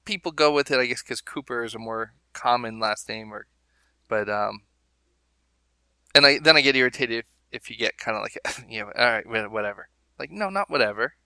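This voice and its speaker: A man talks through a loose, rambling podcast chat with amused asides. His voice is very bright and forward, recorded completely dry with no room sound, at an ordinary pitch. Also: moderate pace, clear, resonant tone, no room sound. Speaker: podcast co-host. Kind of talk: casual chat.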